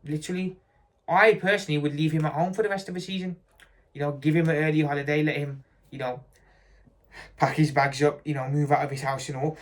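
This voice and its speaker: A man's voice: a little high, a little fast, long pauses. A man giving a blunt, repetitive fan rant about football, hammering his points home.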